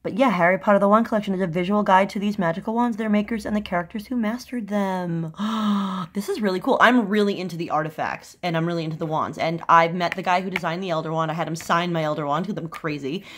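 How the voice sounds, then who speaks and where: A woman in a casual unboxing vlog, excitable and gushing, her voice swinging up into squealing highs. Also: fairly quick. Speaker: vlogger unboxing a fan subscription crate.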